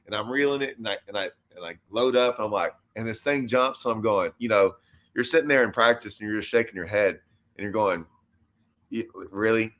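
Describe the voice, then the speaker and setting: A man hosting a casual chat as a pro bass angler, telling a long story and acting out quoted lines with animated voices. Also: brisk. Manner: animated storyteller who acts out his own and others' quoted lines. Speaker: host and professional bass angler.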